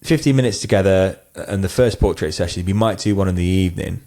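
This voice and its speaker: A man's voice: deep voice, fast talker, dark tone. A man, a wedding photographer, talking casually on a podcast, rambling with lots of fillers and restarts.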